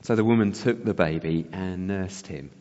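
A man's voice: low voice, normal speed, darkish tone. A man preaching a sermon, reflective and often asking his listeners rhetorical questions. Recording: long hall reverb, dull sound.

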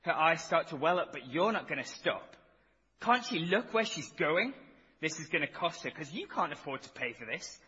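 A man's voice: fairly high pitch, sing-song, moderate pace, bright, forceful tone, husky. A man preaching a sermon, telling a vivid, dramatic second-person story and then reading scripture aloud. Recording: echoey hall, dull lo-fi sound.

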